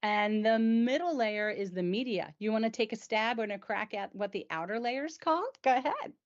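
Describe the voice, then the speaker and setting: A woman's voice: fairly high pitch, animated, moderate pace. A woman hosting a casual explainer chat, enthusiastic and chatty, sometimes tripping over medical terms. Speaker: host. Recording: dull lo-fi sound.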